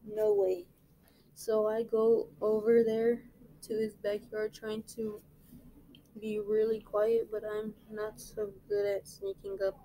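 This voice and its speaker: Woman teacher reading a novel aloud, slow pace, flat even tone, unhurried, small slips. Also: medium pitch, rough recording.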